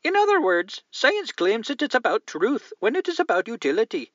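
Guy putting on an over the top indian accent, earnest listener reading his letter, high pitched, kinda muffled. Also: wildly swooping pitch, normal speed, fairly bright tone, dry recording, exaggerated voice. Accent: Indian, put on.

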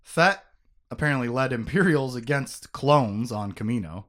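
A man hosting a casual book-discussion podcast, recapping the story with jokes and quick asides. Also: medium pitch. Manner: animated, joking, quick asides. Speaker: podcast host.

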